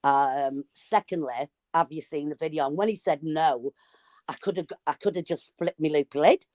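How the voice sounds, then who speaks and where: A woman's voice: low-pitched, moderate pace, no room sound. Chatty woman, dry sound. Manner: animated storytelling, swears freely. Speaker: live stream guest. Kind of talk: casual chat.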